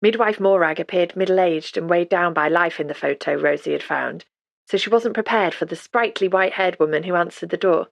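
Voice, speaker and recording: A woman reading a novel aloud as audiobook narrator, calm and measured. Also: fairly low pitch, vocal fry, no room sound. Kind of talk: scripted narration.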